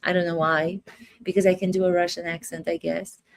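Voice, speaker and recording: A woman's voice: lowish voice, level tone, brisk, gravelly, no echo. A woman acting coach giving casual commentary to camera, emphatic and repetitive, asking rhetorical questions. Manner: emphatic, repeats phrases, asks rhetorical questions.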